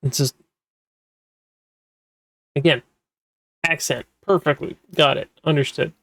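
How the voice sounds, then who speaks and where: A man with a fairly high, steady, bright but creaky voice speaks slowly, with no room sound. He's a manga translator and podcast host giving a casual explanation, rambling along with lots of fillers and restarts.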